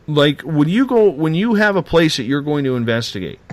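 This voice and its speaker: A man hosting a late-night radio talk show, animated and teasing as he rants. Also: a little high, a little fast.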